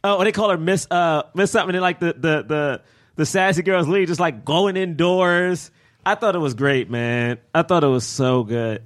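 A man co-hosting a podcast, chatting enthusiastically about a film and saying "yo" and "like" a lot. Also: on the high side. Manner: enthusiastic, quick, says "yo" and "like" often. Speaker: podcast co-host. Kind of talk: casual movie discussion.

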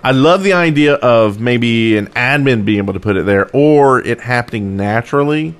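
A man co-hosting a casual gaming podcast, talking quickly with joking asides and stammering restarts. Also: mid-range voice, animated, smooth. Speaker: podcast co-host.

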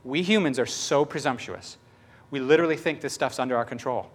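A man's voice: mid-range voice, fairly quick. A man preaching a sermon in a conversational, emphatic way.

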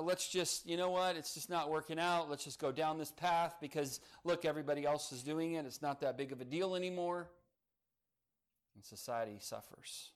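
A man preaching a morning sermon, earnest and emphatic, leaning on key words as he builds each point. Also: on the high side. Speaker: pastor.

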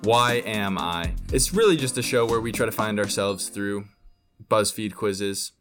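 Low-voiced man co-hosting a podcast. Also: a little slow, fairly bright tone, soft background music. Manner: laughs easily, hesitant with ums and restarts. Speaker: podcast co-host. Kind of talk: casual podcast chat.

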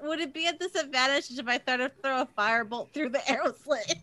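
Bright high-voiced woman player. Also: fairly quick, dry recording. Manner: joking, blunt, swears freely. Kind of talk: casual tabletop game chat.

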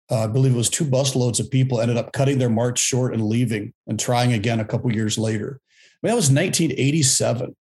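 Man, 50s, podcast guest, mid-pitched, reflective, pauses to find his words. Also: darkish tone. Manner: reflective, thinking aloud with pauses and restarts. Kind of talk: podcast panel discussion.

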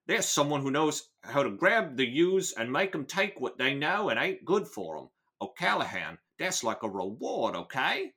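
A man's voice: mid-range voice, big pitch swings, normal speed, hardly any pauses, sharp tone, husky, pitched above the performer's own voice, exaggerated voice. An American man reading a male gang boss's lines in a put-on London accent. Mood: menacing. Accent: put-on London, wobbly.

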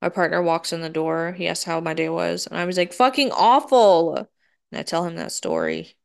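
A woman's voice: lowish voice, brisk, gravelly, clean tone. A woman hosting a podcast, telling a story in a chatty way, swearing freely and acting out her own quotes. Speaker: podcast host. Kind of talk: casual storytelling monologue.

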